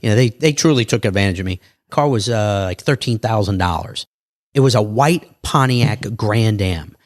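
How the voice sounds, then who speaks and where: A man telling stories as a podcast guest in an animated, casual way, acting out other people's lines. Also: on the low side, normal speed, dry recording, studio quality. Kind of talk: casual interview storytelling.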